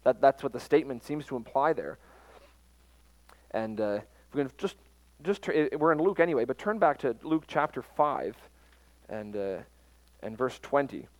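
A man teaching from the Bible in an informal sermon, pausing often with fillers and restarting his sentences. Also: mid-range voice, expressive, dry recording, poor audio. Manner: halting, frequent fillers and restarts. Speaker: preacher.

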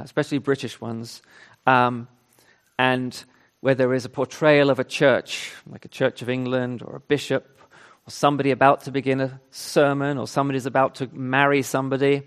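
A man's voice: medium pitch, clean tone. A man preaching a sermon, reading scripture with emphasis and then explaining it in an earnest, conversational way. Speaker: pastor.

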